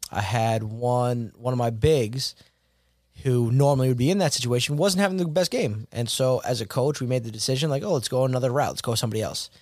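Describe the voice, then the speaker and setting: A man who coaches basketball and teaches, telling a story in a casual podcast chat, animated and slangy, with some mild swearing. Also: medium pitch, dry recording, clean studio sound.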